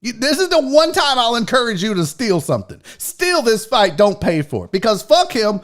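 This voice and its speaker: A man's voice: extremely high pitch, very animated, moderate pace, fairly bright tone. Profane ranting man in his forties. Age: 40s. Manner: mocks others in put-on voices. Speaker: show host. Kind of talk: livestream rant.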